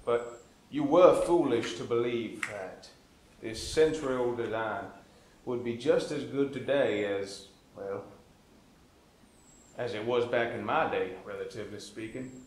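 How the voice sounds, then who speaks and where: A man's voice: mid-range voice, unhurried, reverberant, a little hiss or hum, natural voice. A man voicing the stern, grandfatherly ghost of an old-time woodsman, with a put-on old-fashioned accent, lecturing and calling the listener "dear boy".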